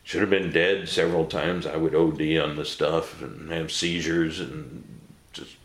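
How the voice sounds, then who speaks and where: A man with a very low, deep voice tells his story in an easygoing, blunt way, swearing a little and breaking into laughter now and then. His voice rings slightly in an echoey room. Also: level tone, measured pace. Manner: laughs often while telling stories. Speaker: interview guest. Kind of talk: casual storytelling.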